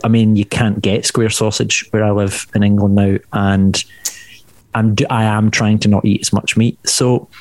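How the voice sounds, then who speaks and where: A man's voice: lowish voice, flat delivery, moderate pace, a little mellow, no room sound. A man with a mild west of Scotland accent, chatting as a comedian guest on a podcast and rambling through his stories with many restarts. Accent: mild west of Scotland Scottish. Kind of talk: casual podcast chat.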